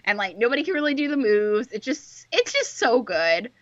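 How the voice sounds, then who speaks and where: A woman's voice: a little high, very animated, normal speed, no echo. A woman co-hosting a casual fan chat, enthusiastic and full of fillers. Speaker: podcast co-host. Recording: dull lo-fi mic.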